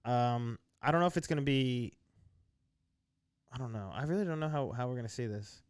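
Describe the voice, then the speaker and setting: A man's voice: medium pitch, fairly quick, clean tone, no echo, clean studio sound. A man co-hosting a casual sports chat, reading odds and viewer comments. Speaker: podcast co-host.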